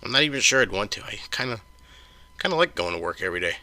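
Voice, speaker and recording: A man's voice: lowish voice, lively intonation, fast talker, sharp tone, dry recording. A man hosting his own podcast, delivering a heated, profane solo rant full of stumbling restarts. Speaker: podcast host.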